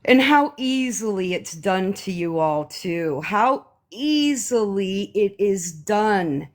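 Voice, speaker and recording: A woman's voice: medium pitch, expressive. Profane, heated woman ranting to viewers. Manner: slow emphatic pauses. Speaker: TikTok live streamer. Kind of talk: ranting live stream to viewers.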